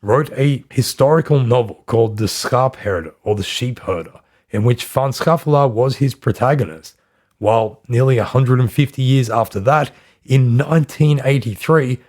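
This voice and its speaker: A man's voice: medium pitch, normal speed, a little mellow. A man hosting a history podcast, reading a scripted narration and dropping in wry, dry asides. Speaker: podcast host.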